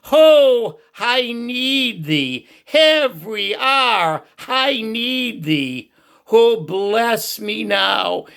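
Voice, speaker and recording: An older man with a Boston accent and a loud, booming voice, giving an earnest personal testimony about faith. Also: creaky. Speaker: Christian YouTuber sharing church reflections.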